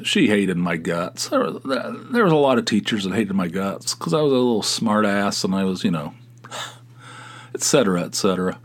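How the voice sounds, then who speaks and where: A middle-aged man from West Virginia, a podcast host, telling rambling, animated stories with chuckles in a casual style. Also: fairly low pitch. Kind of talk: casual anecdotal storytelling.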